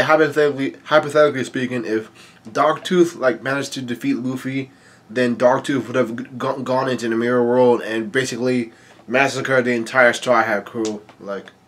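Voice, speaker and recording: This man's medium-pitched voice has a slight brightness as he leads a manga read-along. He reads lines aloud, and his commentary meanders with frequent fillers and restarts.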